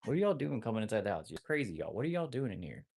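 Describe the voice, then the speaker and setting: A man's voice: fairly low pitch, very animated, rapid-fire, darkish tone, slightly rough. A man, talking to his wolfdogs in a casual vlog. He scolds them with slang and swearing, saying how crazy they are. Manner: scolding animals, swearing, repeats "that's crazy, bro". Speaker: wolfdog rescuer and live streamer. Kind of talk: casual vlog talk to dogs and viewers.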